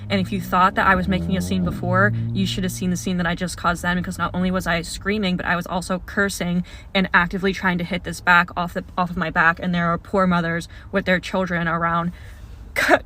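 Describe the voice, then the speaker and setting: A woman's voice: mid-range voice, a bit bright, slight background noise. A young woman telling a story about herself casually, in the second person, and often laughing.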